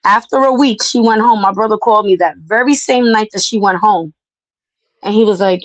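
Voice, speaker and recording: Woman host, loud and profane storyteller, mid pitch, dry close sound. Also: moderate pace, no room sound, poor audio. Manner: brash, profane, animated storyteller. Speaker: podcast host. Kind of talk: casual storytelling chat.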